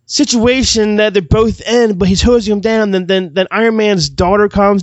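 A man co-hosting a casual movie review podcast, excitable and gushing, swearing freely. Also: high voice, a little fast, few pauses, no echo, lo-fi sound. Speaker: podcast co-host.

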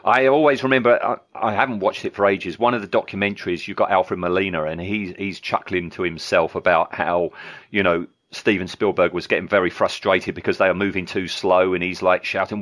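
A man hosting a casual film podcast, chatty and relaxed, with frequent ums and chuckles. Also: low voice, a little fast. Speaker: podcast host.

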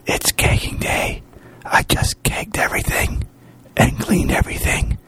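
A man hosting a podcast who whispers a quick update so as not to wake a sleeping guest. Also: fairly bright tone. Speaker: podcast host, home brewer.

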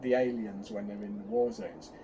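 Male co-host, mellow and warm, chatty with frequent restarts, faint background hiss. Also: lowish voice, moderate pace. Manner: chatty, hesitant restarts, animated bursts. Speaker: podcast co-host. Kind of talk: casual fan chat.

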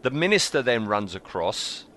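A middle-aged man walking through a plot as a podcast co-host, his voice bright and forward. He keeps to a steady recap and slips in dry jokes along the way. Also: medium pitch, moderate pace, a little hiss or hum. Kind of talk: casual fan discussion, recapping plot.

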